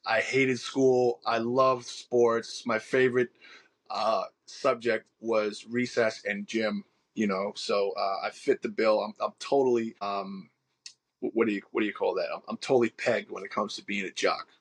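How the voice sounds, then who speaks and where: Man with Long Island accent, low voice, forties, earnest storytelling pastor, podcast interview. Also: steady tone, unhurried. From Long Island, New York. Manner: earnest, storytelling with many restarts and fillers. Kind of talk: podcast interview, personal testimony.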